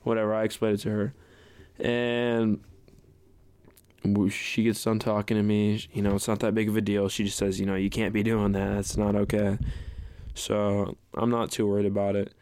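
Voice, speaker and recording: A man's voice: fairly low pitch, level tone, normal speed, a little mellow, clean tone, no room sound. A young man hosting a podcast, telling a personal story in a casual, rambling way, full of fillers and restarts. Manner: rambling, many fillers like "you know" and "like". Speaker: podcast host.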